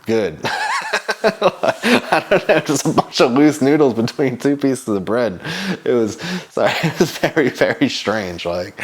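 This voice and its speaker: A young man telling a travel story in a casual, rambling way, laughing often and swearing. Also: on the low side. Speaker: travel show host.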